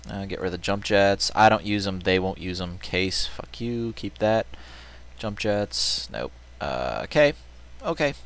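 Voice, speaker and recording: Unhurried male let's-player who jokes and swears, with lively intonation. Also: low voice. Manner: muttering, joking, swearing. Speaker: let's play host. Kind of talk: casual gameplay commentary. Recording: game music and mech sounds behind. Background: game music.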